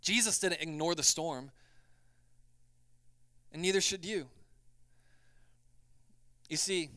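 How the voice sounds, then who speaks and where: High, bright-voiced preaching man. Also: slow, dry recording. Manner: builds from quiet reflection to loud, urgent preaching; conversational, acts out quoted voices. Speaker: pastor. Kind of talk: sermon.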